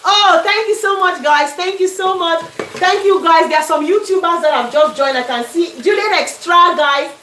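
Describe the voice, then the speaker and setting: Emphatic woman, high voice. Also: normal speed, pushed and bright, roomy sound, recorded from a distance, slight background noise, rough recording. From Cameroon. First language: French. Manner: emphatic, preachy, keeps asking "do you understand?". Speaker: cooking channel host. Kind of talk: live-stream chat while cooking. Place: small home kitchen indoors.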